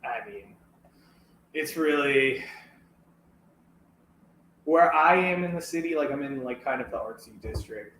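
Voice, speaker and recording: A man's voice: medium pitch, lively intonation, a little slow, long pauses, a bit bright. A man co-hosting a podcast in casual chat, laid-back and agreeable, laughing easily. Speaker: podcast co-host. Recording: echoey room with faint noise.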